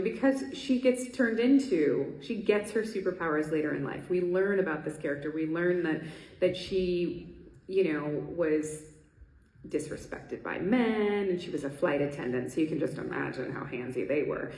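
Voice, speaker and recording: Woman, convention panel guest, gravelly voice, lowish pitch, chatty with ums, echoey hall. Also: lively intonation, moderate pace, a little mellow, a little hiss or hum. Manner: chatty, laughing, many ums and restarts.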